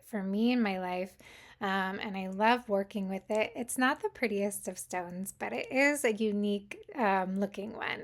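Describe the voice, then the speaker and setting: A woman hosting an intuitive crystal reading, talking in an easygoing, casual way with frequent filler ums. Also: medium pitch. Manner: unhurried, gentle, many filler ums.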